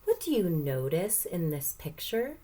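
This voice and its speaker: A woman teacher reading a picture book aloud to young children, gentle and encouraging, stopping to ask questions. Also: lowish voice, big pitch swings, unhurried.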